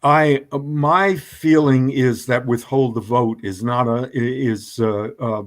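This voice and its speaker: A man speaking as a guest in a discussion, who talks haltingly with many hesitations and restarts. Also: mid-range voice, fairly even intonation. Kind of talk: conversational debate.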